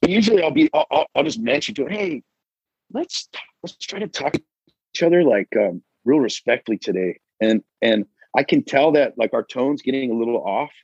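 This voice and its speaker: A man's voice: mid-range voice, big pitch swings, brisk, gravelly, hardly any pauses, a little mellow, breathy edge, no echo, highs cut off. A man talking as a podcast guest in casual chat, a firefighter and dad who acts out quoted voices and says dude and bro.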